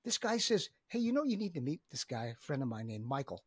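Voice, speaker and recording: A man's voice: medium pitch, sing-song, fast talker, husky, no echo, clean studio sound. A middle-aged man, a business coach talking as a podcast guest, enthusiastic and emphatic, often repeating his words. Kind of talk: energetic podcast conversation.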